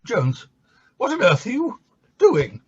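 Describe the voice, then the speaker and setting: An actor playing a tipsy, flirtatious bishop who fusses and quotes scripture. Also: male voice, high voice, wildly swooping pitch, takes it slowly, darkish tone, breathy edge, full character voice. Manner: fussy, camp, quoting scripture. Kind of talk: comic stage play reading. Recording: dull lo-fi recording.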